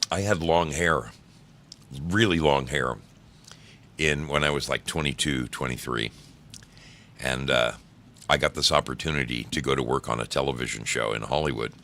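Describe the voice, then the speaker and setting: A man's voice: very deep voice, moderate pace, pauses often, sharp tone. A middle-aged man hosting a live stream, greeting chat by name and telling laid-back, swearing work stories.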